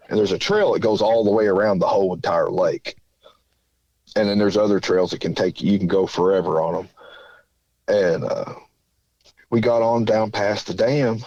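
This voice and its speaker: A man's voice: on the low side, a little mellow, no echo, lo-fi sound. A man from southern Indiana calling in, telling a story in a rambling, folksy way with lots of fillers. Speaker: caller. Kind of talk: casual storytelling.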